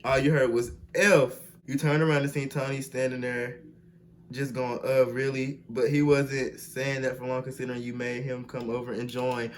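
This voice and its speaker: A young man hosting a video, reading fan fiction aloud with slangy, animated, mock-outraged commentary and bursts of sing-song. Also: medium pitch, normal speed, slight background noise. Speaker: video host.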